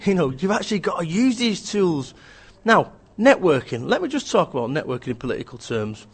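Blunt, fast-ranting man. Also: high-pitched, sing-song, husky. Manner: blunt, ranting, mimics voices. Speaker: author and business speaker. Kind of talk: energetic interview talk.

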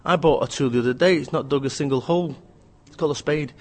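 This is a man with a fairly high voice, talking in an energetic, blunt interview style. He rants about business and throws in quick mocking impressions of other people. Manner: blunt, ranting, mimics voices. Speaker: author and business speaker.

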